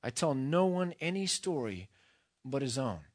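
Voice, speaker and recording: A man voicing a vast, calm male lion who speaks slowly and gravely in a deep voice. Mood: solemn. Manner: slow, grave and gentle.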